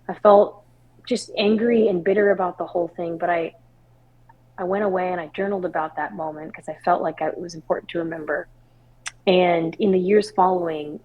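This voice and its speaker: A woman's voice: fairly low pitch, narrow, tinny audio. A young adult woman from Washington state, a singer-songwriter and podcast guest, telling personal stories candidly in a casual interview. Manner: candid, emotional storyteller with casual fillers.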